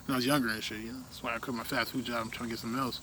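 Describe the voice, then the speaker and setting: A young man in a casual, rambling rant, full of fillers, often trailing off quietly at the ends of his thoughts. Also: mid-range voice, flat delivery, racing, slight background noise.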